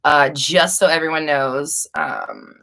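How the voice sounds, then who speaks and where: A woman's voice: sits low, slow pace, gravelly, a bit bright. A young woman hosting a live Q&A stream, rambling and casual with frequent restarts and swearing. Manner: rambling, profane, chatty with restarts. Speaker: livestream host.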